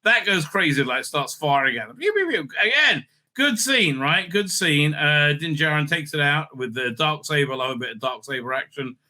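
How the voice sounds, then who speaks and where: A man's voice: fairly high pitch, moderate pace, bright, forceful tone. A man hosting a casual, sardonic episode recap, rambling with many fillers and restarts. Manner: sardonic, mocking. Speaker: host.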